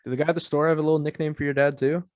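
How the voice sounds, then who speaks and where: A man's voice: fairly high pitch, flat delivery, racing, no echo. A young man, a podcast co-host, reacting in casual chat with jokes and disbelief. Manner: joking reactions, laughing along.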